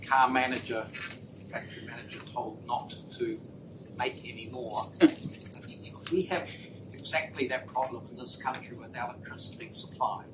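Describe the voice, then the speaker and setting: A man in the audience, asking a long, rambling question at a lecture. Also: mid-range voice. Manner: discursive, builds a long question. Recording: distant audience mic with background noise.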